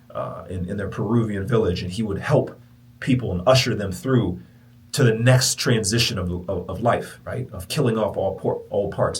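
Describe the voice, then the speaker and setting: A man hosting a podcast who tells a personal story to his listeners. He swings from loud, emphatic bursts to near-whispers and repeats phrases for emphasis. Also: fairly low pitch, recorded from a distance. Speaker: podcast host.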